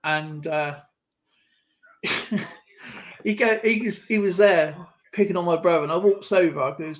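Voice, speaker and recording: A man's voice: a little high, normal speed, long pauses. A man hosting a live stream, telling a rambling anecdote in a casual, chatty way with lots of fillers and asides. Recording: slightly muffled lo-fi stream audio.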